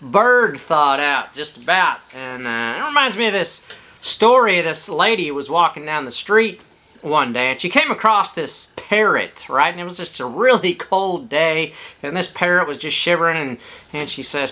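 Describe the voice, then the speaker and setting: A man giving a folksy devotional talk outdoors on a front porch, unhurried, stretching his words and using fillers. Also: a little high, sing-song, sharp tone. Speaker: devotion speaker.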